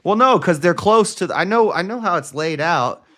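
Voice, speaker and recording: A man's voice: sits high, animated, moderate pace, pushed and bright. An American man in a heated casual debate, insistent and argumentative, shrugging things off with a laugh. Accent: American English. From United States.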